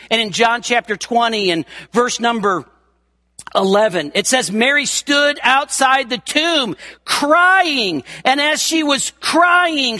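A man in his fifties delivers a sermon from the pulpit. His voice sits a little high and rings bright. He moves from near-whispered intimacy to raised, pressing emphasis. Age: 50s. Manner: dynamic preaching, swinging from hushed to raised. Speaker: pastor.

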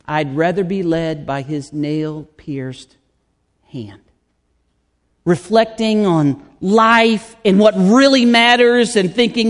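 A man preaching a sermon in a church, slow and deliberate, drawing out his phrases. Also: high voice. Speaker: pastor. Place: church sanctuary. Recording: long hall reverb.

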